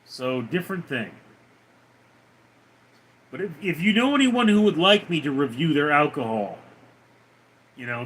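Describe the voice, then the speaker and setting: A man hosts a casual livestream in a mid-range, fairly bright voice, with slight background noise. He reads viewer comments aloud and answers with teasing, crude banter.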